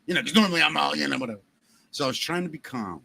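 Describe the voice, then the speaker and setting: A man with a Baltimore accent hosting a podcast, telling jokey stories in a lively, animated way. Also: a little high, racing, creaky. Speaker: podcast host. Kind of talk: casual chat.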